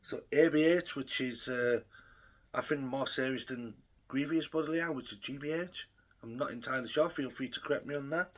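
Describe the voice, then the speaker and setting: A man's voice: mid-range voice, brisk. A young man telling a rambling, profane story in a casual vlog, full of ums and uhs. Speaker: vlogger.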